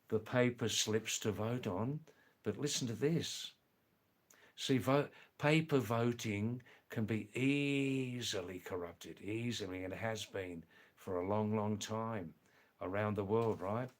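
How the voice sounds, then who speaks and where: Slow and mid-range, this middle-aged Australian man's voice carries a casual livestream where he talks back to viewers. He stresses his points by repeating key phrases, and ums come up frequently.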